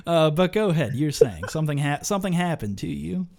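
A man chatting on a podcast, telling an animated story, laughing often and swearing freely. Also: fairly high pitch, a little fast, vocal fry. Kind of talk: casual podcast chat.

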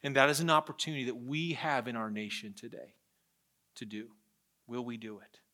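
A man's voice: medium pitch, fairly even intonation, a little fast, sharp tone. A man preaching a sermon as pastor, earnest, telling stories and repeating phrases for emphasis.

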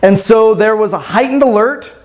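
High-voiced man preaching conversationally. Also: moderate pace. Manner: casual, often asks "right?". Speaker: pastor. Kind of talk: conversational sermon storytelling.

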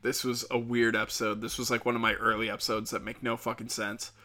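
A man's voice: mid-range voice, little pitch movement, fast, sharp tone. A young man hosting a solo podcast, rambling casually with lots of fillers and swearing. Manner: casual, profane, many filler likes. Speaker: podcast host.

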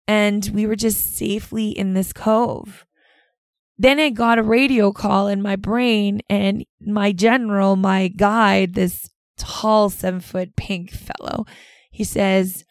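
A woman's voice: mid-range voice, fairly even intonation, slow pace, no echo. A middle-aged woman hosting a podcast, telling a personal story in an earnest, rambling way with many fillers. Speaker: podcast host.

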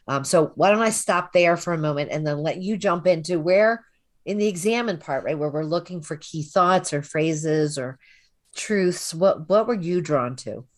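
A woman's voice: low voice, moderate pace. A woman co-hosting a Bible study, speaking reflectively and explaining ideas through everyday comparisons. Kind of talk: conversational Bible study discussion.

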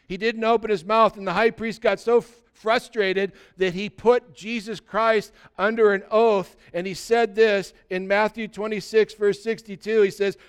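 A man's voice: sits high, fairly even intonation, moderate pace, hardly any pauses, clear, resonant tone. A male pastor delivering an earnest sermon, exhorting his congregation directly.

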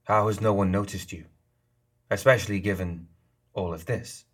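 Impatient, skeptical woman, read by a man in his own low, husky voice: blunt, pressing, doubtful. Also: fairly even intonation, moderate pace.

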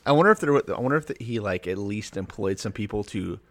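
A man's voice: lowish voice, lively intonation, quick pace. A man co-hosting a podcast, making blunt, wry, profane remarks in casual conversation. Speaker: podcast co-host. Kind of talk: casual comedic chat.

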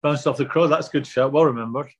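An older man being interviewed, telling anecdotes in a relaxed, self-deprecating way. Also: mid-range voice, fast, slight background noise. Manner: anecdotal, self-deprecating, repeats words when starting. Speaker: guest.

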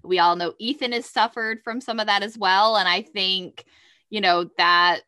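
A woman's voice: medium pitch, fairly even intonation, normal speed, bright, forceful tone, dry recording. A woman co-hosting a podcast, talking earnestly and reflectively in casual chat. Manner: earnest, reflective, lots of "you know". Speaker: podcast co-host.

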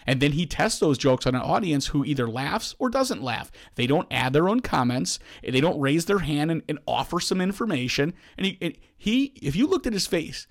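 A man tells a rambling story on a casual podcast. He is animated, jumping into higher voices to act out the people in his tale, with many restarts along the way. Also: moderate pace, few pauses. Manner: animated, acts out quoted voices, frequent restarts. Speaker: podcast host.

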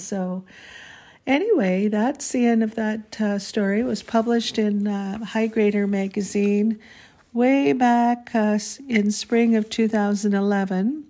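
A middle-aged woman reading her own short story aloud, then chatting in an unhurried, homey way with soft hesitant fillers. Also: mid-range voice. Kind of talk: storytelling read-aloud and casual reflection.

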